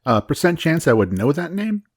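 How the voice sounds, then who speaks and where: A man's voice: on the high side, big pitch swings, fairly quick, husky, no room sound. A man playing in a tabletop game, playful and easily amused. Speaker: player.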